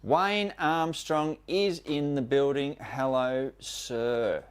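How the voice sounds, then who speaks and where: A man's voice: medium pitch, takes it slowly, smooth. An Australian man hosting a live stream, chattily welcoming viewers one by one by name. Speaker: host of a live prospecting show.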